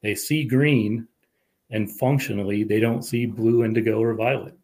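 Low-voiced fisheries scientist explaining calmly. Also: male voice. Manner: measured, explanatory. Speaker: fisheries administrator, guest. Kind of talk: casual chat.

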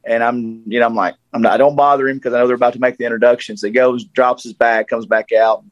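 A man's voice: mid-range voice, little pitch movement, fast, dry recording, muffled recording. A man in his forties from Tennessee with a Southern accent, telling a story in casual chat and acting out the voices he quotes. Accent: Southern American. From Tennessee, USA.

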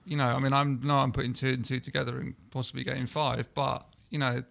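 Male panelist with a flat, gravelly delivery, hesitant in casual chat. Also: mid-range voice, quick pace. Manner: hesitant, with many restarts. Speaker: podcast panelist.

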